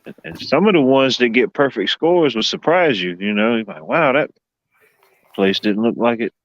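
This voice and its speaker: A man's voice: mid-range voice, expressive, moderate pace, no echo. A man in a casual chat, talking hesitantly with many fillers. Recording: dull dry sound.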